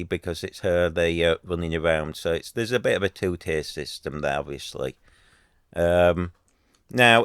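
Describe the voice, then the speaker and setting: A man's voice: low voice, clean tone, no room sound, studio quality. A man, talking to camera in an earnest, rambling way, full of restarts and fillers. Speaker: YouTuber. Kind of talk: casual commentary to camera.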